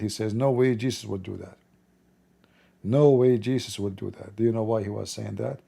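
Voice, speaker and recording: A man's voice: lowish voice, creaky, warm tone. A middle-aged man hosting a livestream, shifting between casual chat and blunt, mocking preaching in broken grammar. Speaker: livestream host.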